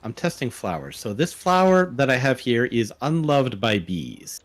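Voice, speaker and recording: A man's voice: medium pitch, big pitch swings, normal speed. A man playing a puzzle game on stream, talking through each step aloud. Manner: thinking aloud while solving puzzles. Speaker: streamer guest. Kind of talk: casual live-stream chat.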